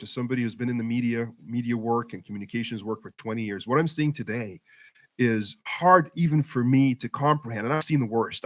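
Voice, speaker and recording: Speaking as a guest at a community program in a mosque, this middle-aged man is passionate and hammers his points through repeated rhetorical phrases. His voice has a medium pitch and a fairly bright tone.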